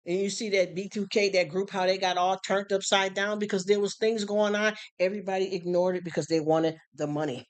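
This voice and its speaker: Earnest home live-streamer, preachy and mid-pitched, heavy on rhetorical questions. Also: flat delivery, fairly quick, few pauses, smooth. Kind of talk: casual preachy monologue.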